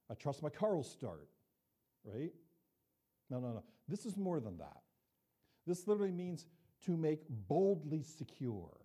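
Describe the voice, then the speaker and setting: An older man preaches a sermon as pastor, his voice warm, on the high side, and a bit breathy. He talks conversationally and often checks in with the congregation through asides.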